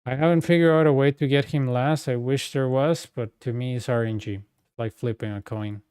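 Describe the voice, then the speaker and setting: A man's voice: medium pitch, fairly even intonation, normal speed, darkish tone, smooth, dry recording, studio quality. A young man streaming a game, chatting casually and telling stories in a loose, conversational way. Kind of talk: casual chat while playing a game.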